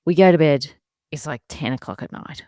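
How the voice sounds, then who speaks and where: A woman in her thirties with a low voice tells a story in a casual, animated monologue and laughs often as she acts out what she was thinking. The sound is dry and close, with no room around her. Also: a little fast, dry recording. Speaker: podcast host and mother.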